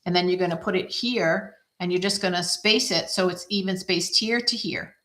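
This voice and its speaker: A woman's voice: fairly low pitch, normal speed, fairly bright tone. Chatty woman demonstrating a craft. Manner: chatty, self-deprecating, thinks aloud while working. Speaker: craft video host. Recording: echoey room.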